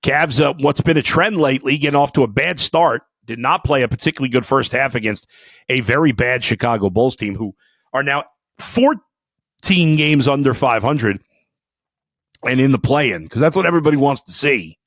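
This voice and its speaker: Fired-up, profane sports podcast host. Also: male voice, mid-range voice, animated, normal speed, no room sound, studio quality. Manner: fiery, profane, swings between shouting and muttering. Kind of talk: angry sports rant.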